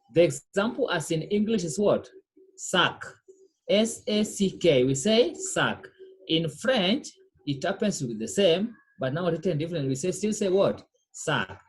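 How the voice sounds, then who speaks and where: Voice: medium pitch, slight background noise. A teacher giving a French pronunciation lesson, drilling students and answering their own questions with "what?".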